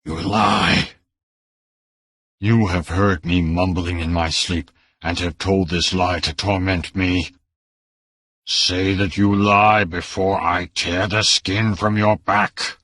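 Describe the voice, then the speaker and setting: Deep-voiced raging count, panting fury, put on by a male reader. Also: level tone, slow, a bit bright, no room sound, studio quality, full character voice. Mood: mad rage. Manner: roaring, panting. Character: raging older count, half-mad, panting.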